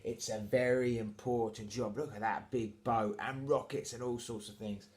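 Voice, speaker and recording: A man reading a storybook aloud and voicing a kindly toymaker uncle with a warm, enthusiastic delivery. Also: mid-range voice, fairly even intonation, moderate pace, lightly acted. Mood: proud. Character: kindly middle-aged male toymaker uncle.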